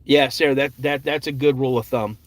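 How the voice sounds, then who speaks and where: A middle-aged man chatting casually as host of a podcast, at a middle pitch. He rambles through stories with repeated words and "um"s. His tone is plain and conversational. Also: fairly even intonation, a little fast, no room sound. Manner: rambling, with frequent restarts and filler words. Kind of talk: casual live chat and personal storytelling.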